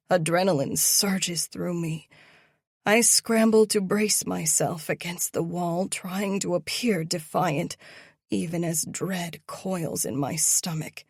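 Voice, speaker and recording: A woman narrating a first-person romance audiobook in a slow, hushed, tense manner. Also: fairly low pitch, breathy edge, no room sound, studio quality.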